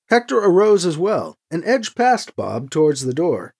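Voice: mid-range voice, sing-song, measured pace, darkish tone, husky. An audiobook narrator reading a story expressively and giving each character a voice. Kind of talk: scripted narration.

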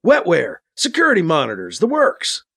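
A man voicing a brash old male getaway driver who talks loud and breezy. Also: a little high, huge pitch swings, moderate pace, vocal fry, slightly rough, heavily acted. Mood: wry.

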